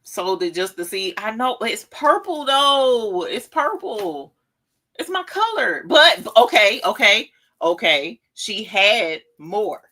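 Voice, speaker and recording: A woman in her forties hosting a casual craft live stream, gushing and exclaiming excitedly and talking straight to her viewers. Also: mid-range voice, takes it slowly. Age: 40s. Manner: talks straight to viewers as "y'all". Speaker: craft show host.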